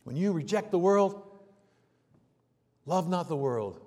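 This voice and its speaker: A male preacher delivering a sermon, swinging between loud emphatic peaks and hushed low passages. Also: animated, takes it slowly, big-room sound.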